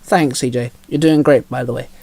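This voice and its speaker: A man voicing a confident young male team leader in a fanfiction reading, calm and matter-of-fact. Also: medium pitch, moderate pace, no echo, natural voice. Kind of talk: fanfiction read aloud.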